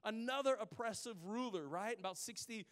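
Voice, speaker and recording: High-voiced pastor in a reverberant hall. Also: male voice, fairly bright tone. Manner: conversational storytelling, drawn-out emphatic pauses. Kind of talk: sermon.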